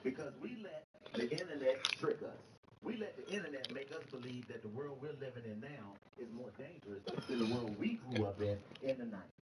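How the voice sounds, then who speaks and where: A man's voice: mid-range voice, lively intonation, fairly quick, few pauses. Rowdy male comedian on stage. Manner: loud, rowdy, profane, punchy. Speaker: stand-up comedian. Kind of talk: stand-up comedy storytelling. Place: comedy stage before a crowd. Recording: roomy echo, from the mic's distance, crowd noise.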